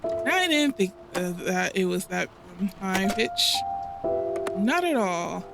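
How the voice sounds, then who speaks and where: A woman hosting a cozy gaming channel, chatting in a rambling, casual way with frequent laughs and a fairly high voice. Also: big pitch swings, slow pace, gravelly. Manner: rambling, laughs often, self-interrupting. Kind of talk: casual chatty let's play commentary. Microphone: home desk microphone. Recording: game music behind the voice.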